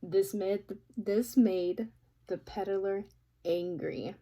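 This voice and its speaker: Woman storybook reader: mellow tone, unhurried, playful, asks listeners questions. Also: mid-range voice, steady tone. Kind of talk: reading a picture book aloud.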